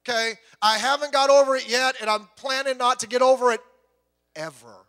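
A man in his fifties preaching a sermon, telling stories with animated voices and swinging from loud to hushed. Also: extremely high pitch, a little fast. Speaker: pastor. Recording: long hall reverb.

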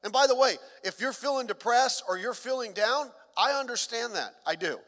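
A man's voice: very high voice, animated, moderate pace, fairly bright tone, big-room sound. A middle-aged man, a pastor, preaching a sermon in a conversational way with joking asides.

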